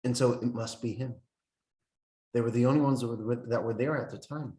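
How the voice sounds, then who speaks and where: A man's voice: medium pitch, steady tone, fairly quick, warm tone. A man teaching a Torah lesson in an earnest, explanatory sermon style, quoting texts and commentators as he goes. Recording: echoey room.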